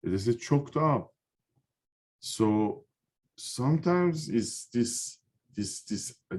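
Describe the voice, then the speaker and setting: A middle-aged man teaching a Zohar class, earnest and repetitive, often pausing on fillers. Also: medium pitch, mellow. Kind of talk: spiritual lesson.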